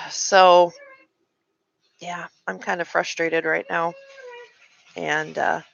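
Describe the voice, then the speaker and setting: A woman's voice: lowish voice, steady tone, drawn-out words, gravelly, a bit bright, no room sound, dull audio. A woman in her late forties chatting frankly to her live-stream viewers, venting and answering comments. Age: 40s. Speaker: livestream host. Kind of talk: casual live-stream chat.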